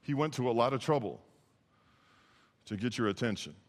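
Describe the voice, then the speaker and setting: A man's voice: medium pitch, expressive, moderate pace. Impassioned male preacher in a reverberant church. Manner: impassioned, swings from hushed to emphatic. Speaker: pastor. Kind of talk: sermon. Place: church sanctuary.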